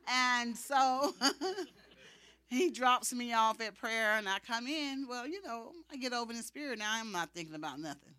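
A woman preacher telling a personal testimony in a sermon, animated and acting out the dialogue. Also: fairly high pitch, moderate pace.

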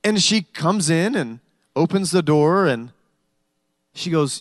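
High-voiced man preaching a sermon. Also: lively intonation, takes it slowly, no room sound. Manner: conversational preaching with humorous storytelling. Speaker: pastor.

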